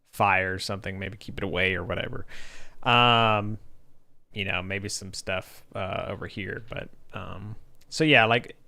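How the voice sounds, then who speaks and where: Male streamer, bright voice, loose rambling delivery, reads chat aloud. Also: on the low side, gravelly. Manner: rambling, thinking aloud with many fillers. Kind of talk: casual livestream chat.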